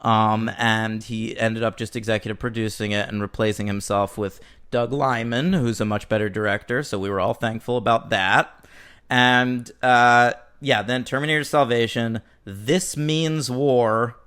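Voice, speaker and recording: Podcast host, man, chatty, with a bright edge. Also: medium pitch, steady tone, measured pace, smooth. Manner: chatty, joking. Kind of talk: casual chat.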